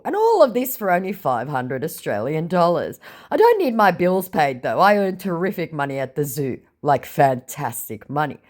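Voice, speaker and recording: एक महिला जो व्यंग्य भरे, मज़ाकिया अंदाज़ में स्कैमर से हुई चैट पढ़कर सुनाती है और उस पर टिप्पणी करती है।. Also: female voice, low voice, big pitch swings, moderate pace, a little mellow. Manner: sarcastic, mocking. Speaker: scam baiter. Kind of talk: reading out chat messages with commentary.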